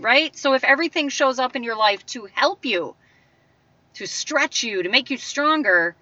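A woman's voice: sits high, pushed and bright, no echo, recorded from a distance, lo-fi sound. A woman giving an emphatic motivational talk in a conversational way, acting out the voices she quotes. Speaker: motivational speaker. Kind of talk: motivational monologue.

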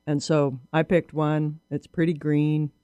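Mellow man explaining massage benefits. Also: on the high side, little pitch movement, a little slow, clean tone, dry recording. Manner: explains step by step, asks guiding questions. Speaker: massage therapist guest. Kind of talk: casual explanatory chat. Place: radio studio.

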